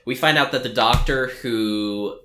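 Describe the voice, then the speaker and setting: A young man with a bright, forward voice who talks through a movie plot in a loose, rambling way, leaning on "like" and "um." He sounds like a casual podcast host. His voice rings back off the walls of an echoey room. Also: mid-range voice, measured pace, a little hiss or hum. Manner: rambling, filler-heavy storytelling, frequent "like".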